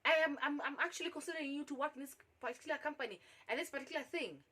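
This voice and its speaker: A woman's voice: high voice, racing, bright, forceful tone, pitched above the performer's own voice. A Kenyan woman quoting a pushy, entitled male job recruiter in her story, pressuring and boastful.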